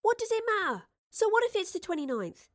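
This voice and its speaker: Lady doing a high sassy young woman, loud and quick. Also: sing-song, no echo, clean studio sound, heavily acted. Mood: cheeky. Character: young woman street sweeper, cheeky and lively.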